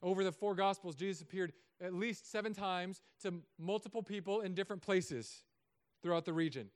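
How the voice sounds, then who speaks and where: A man preaching a sermon as a pastor, telling stories with self-mocking humor and often dropping to soft, quiet tones. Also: high-pitched, a little fast.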